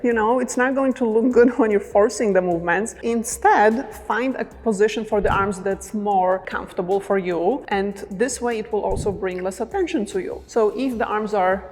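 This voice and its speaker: A woman teaches club dance moves in a relaxed, encouraging way, demonstrating as she talks and checking in with her viewers. Her voice sits at an ordinary middle pitch. A long reverb trails each phrase, and faint music plays underneath. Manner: encouraging, casual, frequent "like" and "right?". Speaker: dance instructor. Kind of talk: instructional talk with demonstrations.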